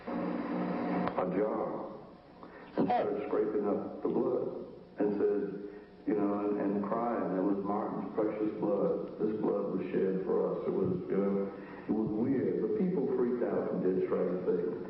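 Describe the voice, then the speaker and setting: A man recalling events in an interview, halting and searching for his words. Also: on the low side, fairly even intonation. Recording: roomy archive clip from far off, dull with hiss.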